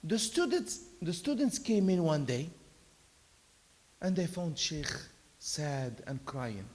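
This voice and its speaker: A man giving a Friday sermon as an imam. He talks conversationally, with loud emphatic bursts and soft storytelling asides. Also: fairly high pitch, big pitch swings, slow. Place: mosque prayer hall. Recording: long reverb of a large hall.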